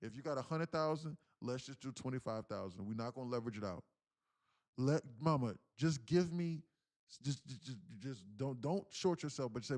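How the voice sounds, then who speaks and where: A man hosting a live trading stream, talking casually in a lively, slangy and profane way with many restarts. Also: medium pitch, moderate pace.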